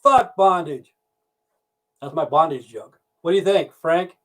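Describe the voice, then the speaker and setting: A man with a voice pitched a little above most men's rambles through a crude joke on his livestream. He is a trucker who swears constantly and keeps losing the thread as he tells the story. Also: normal speed. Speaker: livestream host.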